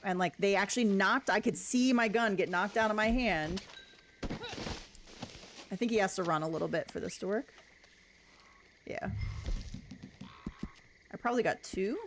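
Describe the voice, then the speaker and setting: A woman's voice: mid-range voice, moderate pace, pauses often. Giggly woman streamer chatting while she plays, noisy audio. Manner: chatty, giggly, talks to the game characters. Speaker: gaming streamer. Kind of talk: casual livestream commentary.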